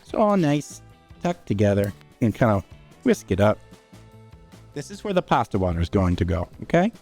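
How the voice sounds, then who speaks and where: A man's voice: lowish voice, sing-song, moderate pace, darkish tone, soft background music. A man hosting a home cooking demonstration, talking casually and tossing in "all right?" asides as he cooks in his kitchen. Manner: chatty, informal, with frequent "all right?" asides.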